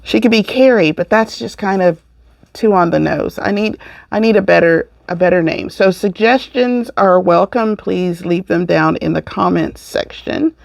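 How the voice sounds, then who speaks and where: A middle-aged woman hosts a crafting podcast, talking through her latest yarn in a chatty, rambling way and often correcting herself. Her voice carries a gravelly edge, and the sound is close and dry. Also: lowish voice, normal speed, darkish tone, no echo. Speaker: podcast host. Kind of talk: casual chat showing crafts.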